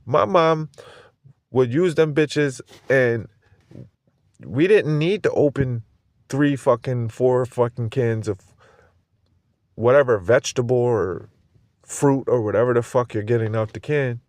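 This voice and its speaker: A man with a medium-pitched, darkish voice speaks unhurriedly with long pauses and no echo. He's a podcast host and a parent of a school-age kid, rambling loosely through a casual monologue, swearing freely and laughing often.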